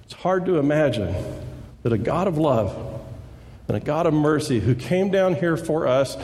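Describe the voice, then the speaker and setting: A man delivers a sermon in an earnest preaching voice, pitched a little high for a man. He reads scripture aloud and explains it steadily. His voice rings out with a long reverb. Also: expressive, normal speed, a little mellow. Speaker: pastor.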